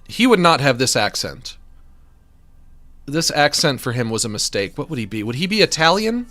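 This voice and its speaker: A man chatting on a gaming stream, rambling in a goofy, animated way at a desk microphone. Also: medium pitch, normal speed. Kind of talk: casual gaming stream chat.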